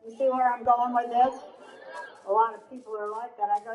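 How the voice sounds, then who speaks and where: A woman's voice: fairly high pitch, fairly even intonation, brisk, a little mellow, a little hiss or hum, low-quality recording. An older woman doing a crude, rambling, sarcastic stand-up comedy monologue.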